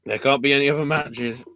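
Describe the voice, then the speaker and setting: A man co-hosting a podcast in casual chat, swearing often and bursting into excited outbursts. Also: medium pitch, slight background noise. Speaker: podcast co-host.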